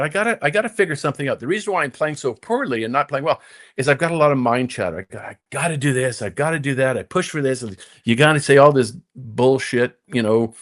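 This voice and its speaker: An older man, a former tour golfer appearing as a guest, tells a long story from his playing days in casual conversation. His slightly bright voice leaps up and down in pitch as he acts out what he told himself. He stumbles into restarts, saying "and, and" before pushing forward again.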